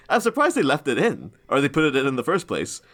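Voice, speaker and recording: A man hosting a podcast in relaxed conversation. His pitch swings widely as he talks. He laughs often and slips into quick impressions of what people say. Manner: laughs often, acts out lines. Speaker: podcast host. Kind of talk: casual chat.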